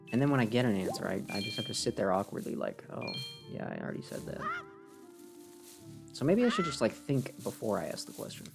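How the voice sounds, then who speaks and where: A man streaming a game live, commenting excitedly and in mock outrage as he talks to his chat. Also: lowish voice, vocal fry. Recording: game music behind voice. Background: game music.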